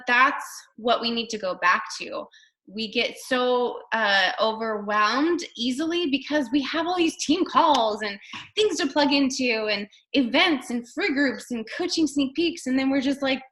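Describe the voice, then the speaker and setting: A woman's voice: high voice, moderate pace, sharp tone. A woman leading a casual team video call as a fitness coach, chatty and upbeat, full of fillers and acted-out quotes.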